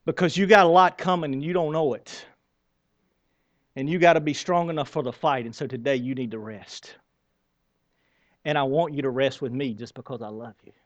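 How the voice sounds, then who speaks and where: A preacher voicing God, soft and gentle. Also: male voice, mid-range voice, normal speed, pauses often, no room sound, lo-fi sound, voice pushed down, close to an everyday voice. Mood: gentle, calm. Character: gentle loving God, calm male voice.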